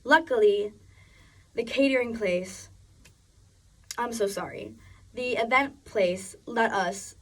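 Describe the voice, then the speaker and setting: A woman's voice: on the high side, slow pace, long pauses, distant mic. A young woman giving a personal narrative speech, chatty and full of restarts. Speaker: student speaker.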